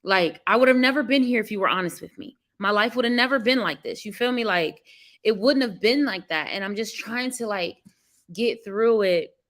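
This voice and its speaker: Woman vlogger, bright tense voice, candid venting chat with viewers, lots of fillers. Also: mid-range voice, moderate pace. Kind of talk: casual chat with live viewers.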